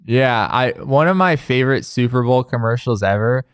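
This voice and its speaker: A man's voice: medium pitch, moderate pace, clear, resonant tone, dry recording. Upbeat young man hosting a podcast. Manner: upbeat, laughs easily. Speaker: podcast host. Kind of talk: casual chat.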